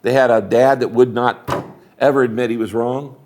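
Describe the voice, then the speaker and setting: The speaker is an older man retiring from the pastorate, a guest in an interview, with a mid-range voice at normal speed. He talks with animated, emphatic, sermon-like energy and acts out bits of dialogue.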